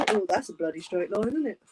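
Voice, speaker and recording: A woman's voice: on the high side, rough recording. A middle-aged British woman hosting a live craft stream from her home craft room, chatting, teasing and laughing with family off camera as she works. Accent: British English. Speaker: craft channel host.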